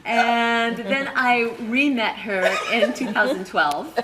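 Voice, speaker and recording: A woman voice teacher on a convention panel, leading vocal warm-ups in a playful, animated way and laughing often. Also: on the high side, takes it slowly, recorded from a distance. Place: large convention hall with audience. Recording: echoey hall, loud crowd.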